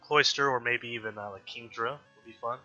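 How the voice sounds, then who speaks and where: Nasal man, sharp bright tone, casual let's-play chatter over faint game music, lo-fi sound. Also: mid-range voice, brisk. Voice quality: nasal from allergies. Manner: chatty, thinking aloud, frustrated outbursts. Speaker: gaming YouTuber.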